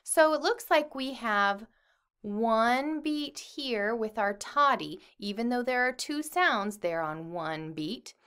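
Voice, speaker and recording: A woman music teacher leading a children's lesson, speaking slowly and encouragingly to the kids. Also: on the high side, animated, a bit bright, smooth. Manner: slow, encouraging, addresses children.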